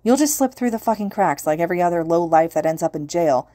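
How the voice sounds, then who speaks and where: Woman doing a sneering mother, low voice, mellow tone, scolding, audiobook reading. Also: lively intonation, fast, no room sound, lightly acted. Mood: scornful. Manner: contemptuous, scolding. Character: sneering harsh middle-aged mother.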